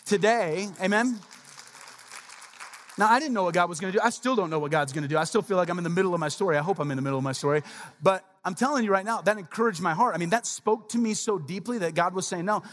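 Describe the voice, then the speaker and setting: A man in his forties delivers a sermon as pastor, his voice sitting a little high for a man. He preaches conversationally, weaving personal stories with quick asides to the congregation. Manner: conversational storytelling, frequent "right?" asides.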